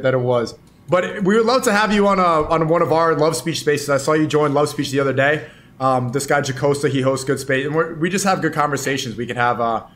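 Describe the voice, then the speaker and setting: A man in a casual online audio chat, talking in a rambling, halting way. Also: medium pitch, fairly bright tone.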